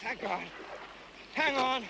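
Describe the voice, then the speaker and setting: An actor playing a loyal, formal English manservant, deferential and steady in his speech, in a 1970s TV crime drama. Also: extremely high pitch, slow pace, gravelly, heavily acted. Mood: urgent steady. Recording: 1970s TV film sound, light hiss.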